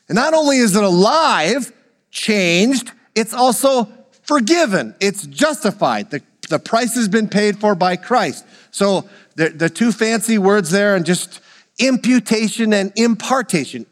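A man's voice: high-pitched, big-room sound. A man preaching a sermon, leading the congregation in call-and-response and joking with them. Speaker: pastor.

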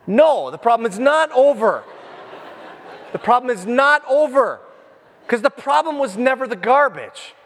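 A man in his fifties, a pastor preaching a sermon to his congregation, animated and jokey, speaking right to the crowd. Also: extremely high pitch, measured pace, big-room sound, a little hiss or hum. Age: 50s. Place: church with a congregation.

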